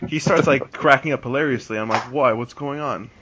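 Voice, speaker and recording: A man's voice: medium pitch, brisk, a bit bright, a little hiss or hum. Rambling man on a lo-fi podcast. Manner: rambling, full of "like" and restarts. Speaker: podcast host. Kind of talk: casual storytelling. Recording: dull lo-fi podcast recording.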